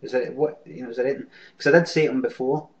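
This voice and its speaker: A man's voice: medium pitch, fairly even intonation, racing. Sweary Glaswegian man on lo-fi webcam. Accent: Glaswegian Scottish. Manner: sweary, rambling, reads out viewer comments. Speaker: webcam show host. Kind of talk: casual storytelling to webcam viewers. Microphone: webcam mic. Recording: lo-fi webcam recording.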